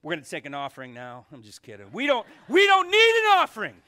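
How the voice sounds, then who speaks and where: A male pastor preaching a sermon to his church, fervent and shifting between shouts and hushed asides. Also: sits high, wildly swooping pitch, fast. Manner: fervent, swings from shouting to near whispers. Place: church sanctuary.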